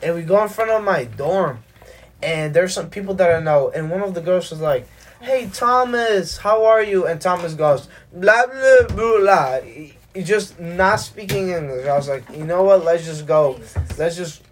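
A young adult host rattles off a story for friends, swearing freely and acting out every beat. The voice sits at an ordinary middle pitch and sounds relaxed and conversational. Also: normal speed. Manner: profane, animated anecdote telling. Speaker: podcast host. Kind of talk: casual storytelling chat.

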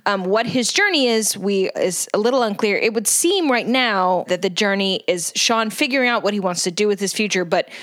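A woman's voice: medium pitch, expressive, normal speed, few pauses, fairly bright tone, dry recording, studio quality. A woman co-hosting a casual podcast, breaking down a TV episode with wry analysis and easy laughter. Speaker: podcast co-host. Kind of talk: casual chat recapping a TV episode.

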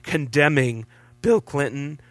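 A man's voice: on the high side, expressive, slow, no echo. A man co-hosting a podcast, chatting about politics in a laid-back, hesitant way with many fillers. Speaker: podcast co-host. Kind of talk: casual political chat.

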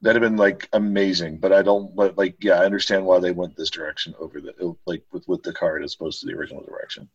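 A man with a somewhat low, husky voice chats casually about a card game, often stopping to restart his sentences. The sound is dry and muffled, as if from a lo-fi mic. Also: steady tone, fast talker, hardly any pauses. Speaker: podcast co-host.

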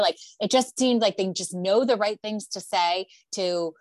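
A woman co-hosts a casual podcast and gives frank, chatty takes on reality TV, with plenty of "like" in her speech. Her pitch is in the middle range. The sound is close and dry. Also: unhurried, hardly any pauses, dry recording. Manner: chatty, frank, uses many "like" fillers. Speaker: podcast co-host. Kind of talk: casual reality TV recap chat.

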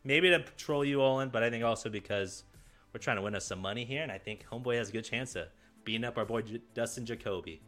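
A man's voice: mid-range voice, quick pace, a bit bright, faint music behind. A man as a guest on a casual sports podcast, talking in a hyped, emphatic and slangy way.

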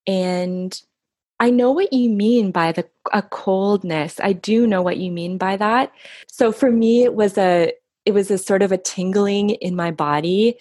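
A middle-aged woman speaking softly and reflectively in an intimate interview, often pausing and restarting her sentences. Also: lowish voice, no room sound, clean studio sound. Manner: soft, reflective, halting with restarts. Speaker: guest recounting her husband's death.

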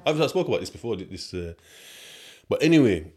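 A man's voice: lowish voice, big pitch swings, fast talker. A young man from the UK, telling a rambling story in street slang on his podcast. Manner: chatty and rambling, street slang, asides to listeners. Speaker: podcast host. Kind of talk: casual storytelling monologue.

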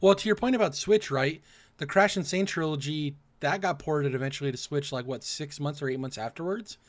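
A man hosting a casual gaming podcast, his throat rough and raspy from acid reflux, leading segments and asking his co-hosts questions. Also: a little high, fairly quick. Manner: runs the segments, asks the panel questions. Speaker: podcast host.

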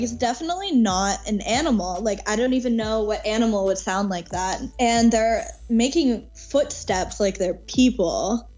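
A woman guest in a casual interview telling a long story, animated, laughing often and swearing casually. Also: mid-range voice, poor audio. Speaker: podcast guest.

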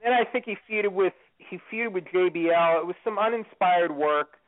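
A man's voice: sits high, moderate pace. A man talking as a podcast guest in casual chat, rambling and restarting often. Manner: rambling with many restarts and fillers. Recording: tinny phone-like line.

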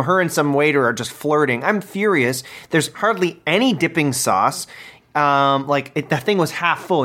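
A man's voice: fairly high pitch, fairly bright tone. A man co-hosting a comedy podcast, ranting indignantly in a petty, blunt way. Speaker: podcast co-host.

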